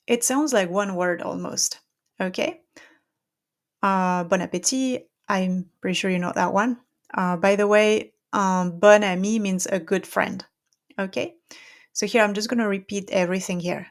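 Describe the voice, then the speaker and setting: A woman's voice: medium pitch, measured pace. A woman with a French accent, a French teacher giving a patient pronunciation lesson who checks in often with "okay?".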